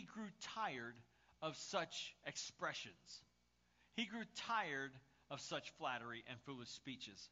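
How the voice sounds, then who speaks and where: A male pastor with a summer cold preaches in a church in a storytelling manner full of fillers and restarts. His voice is high and animated, and it rises and falls widely. The recording sounds slightly muffled. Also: takes it slowly. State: has a summer cold, coughing. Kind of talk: sermon.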